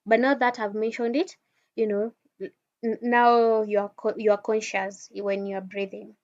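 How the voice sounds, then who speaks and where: A woman's voice: medium pitch, flat delivery, moderate pace, a little mellow. A woman giving an informal wellness teaching talk, speaking straight to the listener in a conversational way with frequent restarts. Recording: dull lo-fi sound.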